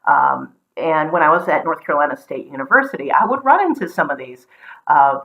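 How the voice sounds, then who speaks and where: A woman in her forties with a deep, low voice talks casually to her viewers from a home vlog. She thinks aloud, pausing on uh and um as she goes. The recording sounds dull and lo-fi. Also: lively intonation. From American South. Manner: thinking aloud, many filler pauses. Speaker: vlogger. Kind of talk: casual educational chat. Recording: muffled lo-fi recording.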